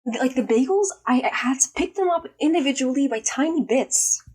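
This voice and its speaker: A young woman telling a story in a casual vlog, emphatic and swearing freely, her voice still a little hoarse from being sick. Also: high voice, expressive, fairly quick, a little mellow. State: slightly hoarse after illness. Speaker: vlogger.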